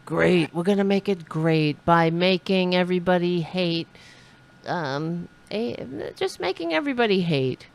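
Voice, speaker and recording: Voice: mid-range voice, animated, a little slow, vocal fry. A comedic commentator reacting to clips with sarcastic, mocking remarks and repeated quotes.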